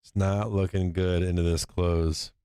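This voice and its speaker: A man hosting a live stock market stream, commenting on trades in a profane, excitable way and laughing often. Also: low voice, measured pace, smooth, no room sound. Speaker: stock market livestream host.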